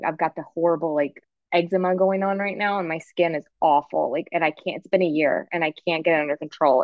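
A woman in her thirties chats openly and with feeling on a podcast. Her voice sits a little low and comes through dry and close, on a slightly dull, lo-fi recording. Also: no echo. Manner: emotional, expressive, quick asides. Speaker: podcast guest, photographer. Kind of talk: candid conversational chat.

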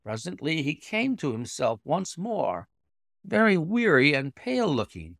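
Gravelly, expressive male narrator. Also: on the high side, unhurried, dry recording, clean studio sound. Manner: expressive, dramatic storytelling. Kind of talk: scripted audiobook narration.

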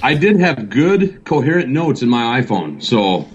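A man's voice: mid-range voice, very animated, unhurried. A man in casual chat, laid-back and chuckling, recorded with a dull lo-fi sound.

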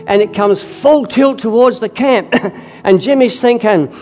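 With faint music playing behind him, a man delivers a sermon built around a wartime story. His voice is very high-pitched and his pace measured, and he coughs and clears his throat often while building to loud, emphatic peaks.

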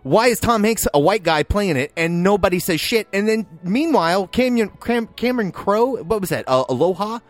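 Brief: lively, higher-pitched man, angry profane film rant, dry close mic. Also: normal speed, hardly any pauses, dry recording, faint music behind. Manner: heated, swearing, loud outbursts. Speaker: podcast co-host. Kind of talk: profane ranting film review.

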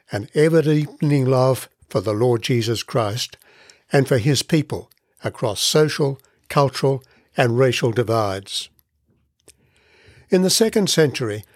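A man delivers a scripted devotional Bible teaching in a measured, earnest voice, pressing on his key words. His pitch sits in an ordinary middle range for a man. The recording is dry and close, with almost no room sound. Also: no room sound. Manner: measured, earnest reading with deliberate emphasis.

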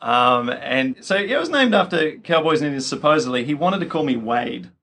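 Easygoing male guest, gravelly mid-range voice. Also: fairly high pitch, animated, fairly quick, bright, forceful tone, a little hiss or hum. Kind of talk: casual chat.

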